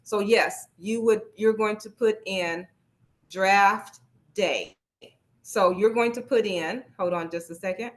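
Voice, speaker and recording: A woman's voice: mid-range voice, moderate pace, few pauses. Casual, encouraging woman workshop instructor. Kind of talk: live online workshop teaching. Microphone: video call.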